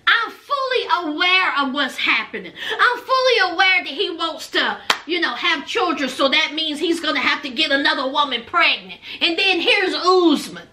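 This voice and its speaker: A woman's voice: extremely high pitch, lively intonation, measured pace, pushed and bright. A woman recapping a reality show in a casual, sassy, chatty way, retelling scenes and quoting people. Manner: chatty, sassy storytelling with quoted lines.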